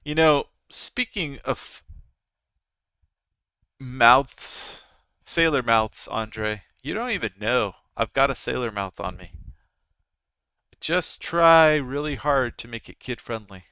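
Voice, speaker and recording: A man hosts a live trading stream, talking casually to his viewers and answering the chat as he goes. His voice is bright and smooth. The sound is dry and close, with no room around it. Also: mid-range voice, lively intonation, slow pace, long pauses, dry recording. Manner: chatty, talks to viewers and chat. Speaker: livestream trading host.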